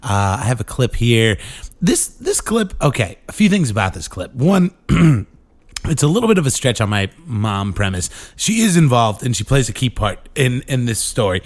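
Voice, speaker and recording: A male podcast host setting up the next clip in a relaxed, rambling way. He talks at an ordinary pitch and pauses on fillers. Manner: loose, with many fillers. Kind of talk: casual show introduction.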